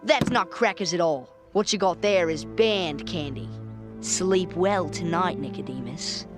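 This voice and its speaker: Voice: medium pitch, unhurried, close to an everyday voice. An actor voicing a knowing cartoon character. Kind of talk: cartoon dialogue clip. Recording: clip with loud music behind.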